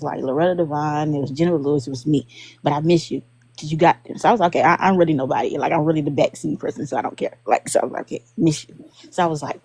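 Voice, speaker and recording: A woman, a guest telling animated stories in casual chat and acting out what others said. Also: low voice, breathy edge, no echo, poor audio. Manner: animated, acts out quotes of others. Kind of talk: casual storytelling on a live stream.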